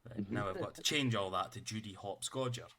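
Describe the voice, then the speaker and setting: A man's voice: fairly low pitch, a little fast, gravelly, bright, forceful tone, a little hiss or hum. A man running a tabletop game, chatting out of character in a rambling way and swearing freely. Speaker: game master. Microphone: streaming setup.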